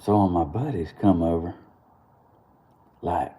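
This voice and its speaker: A man's voice: deep voice, unhurried, dark tone. A young Southern man from Georgia, chatting casually on his morning live stream and telling a rambling story with frequent laughter. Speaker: host of a live morning show.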